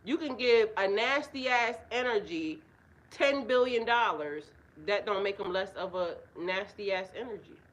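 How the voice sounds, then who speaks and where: This spiritual reader and life coach has a mid-range voice and sounds animated but unhurried, captured on a low-quality recording. Sitting outdoors in a yard with birds nearby, she delivers a casual astrology reading full of blunt talk, heavy profanity, and frequent laughter.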